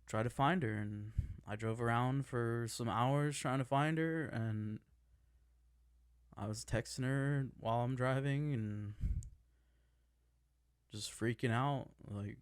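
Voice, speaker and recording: A man's voice: medium pitch, slow, smooth, no echo. A man telling an emotional personal story, agitated and swearing as he vents about family.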